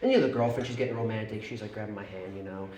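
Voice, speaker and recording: A young man doing a stand-up comedy set on a club stage. He tells his stories quickly and profanely, tagging his lines with "right?". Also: on the low side, a little mellow, a little hiss or hum. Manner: fast, profane storytelling, tags lines with "right?". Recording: echoey club with audience laughter.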